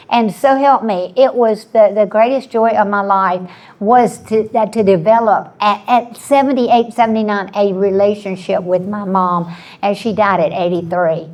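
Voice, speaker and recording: A woman in her seventies, a panelist sharing an earnest personal story with frequent restarts. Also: medium pitch. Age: 70s.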